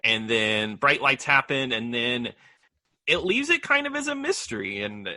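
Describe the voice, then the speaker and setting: A male podcast co-host with a strikingly bright, forward voice that swoops up and down as he talks. He chats loosely about a movie, laughing often and leaning on filler words. The sound is close and dry, with no room around it. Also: mid-range voice, very animated, moderate pace, no room sound. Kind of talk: casual movie review chat.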